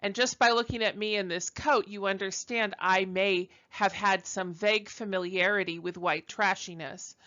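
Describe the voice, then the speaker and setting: A woman's voice: medium pitch, fairly even intonation, moderate pace, hardly any pauses, a bit bright, muffled recording. A woman from Brooklyn giving a conversational recorded university lecture, chatty and self-deprecating, with frequent ums and uhs. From Brooklyn, New York.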